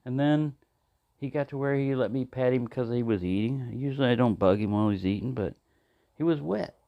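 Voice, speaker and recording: Lo-fi audio captures a brisk, creaky mid-range male voice as an outdoor cooking vlogger talks casually on camera while cooking. He rambles, holding conversations with himself in silly voices.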